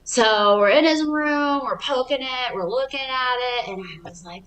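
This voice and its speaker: A woman's voice: sits high, unhurried, few pauses, fairly bright tone, roomy sound, low-quality recording. A woman in her thirties telling a childhood story in a stand-up comedy set, casual and rambling with lots of fillers. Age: 30s.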